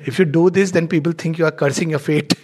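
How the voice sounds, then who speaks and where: A man's voice: on the high side, quick pace. A middle-aged man giving a spiritual lecture, telling stories with frequent laughter and acting out the people he quotes. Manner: animated, laughs often, acts out quoted speakers. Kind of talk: lecture with storytelling.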